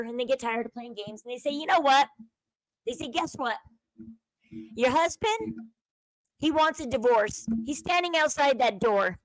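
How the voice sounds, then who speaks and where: High-voiced chatty woman telling a crime story. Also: dry recording, poor audio. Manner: chatty storyteller, acts out quotes, euphemisms like schmurdered. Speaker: commentary channel host. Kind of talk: casual true-crime retelling.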